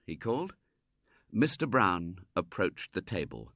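A man narrating a storybook with a dramatic, expressive reading, recorded close to the mic. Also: sits low, normal speed, no echo.

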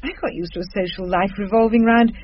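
A woman's voice: mid-range voice, brisk, lo-fi sound, natural voice. An actress playing a self-doubting, articulate middle-aged woman in a radio sitcom. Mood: uneasy. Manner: articulate, hesitant and self-deprecating.

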